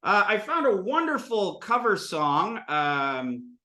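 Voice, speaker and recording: A man in his thirties giving a lively, digressive classroom lecture on Sanskrit, acting out voices for his examples. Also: sits high, takes it slowly, echoey room. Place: classroom with students.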